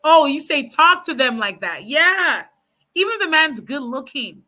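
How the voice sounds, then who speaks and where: A woman's voice: high-pitched, measured pace. A woman talking casually to her viewers, giving frank dating advice and telling stories with lots of asides. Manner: chatty, frank, animated storytelling with many asides; speaks to viewers as y'all and ladies. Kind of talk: casual advice chat to camera.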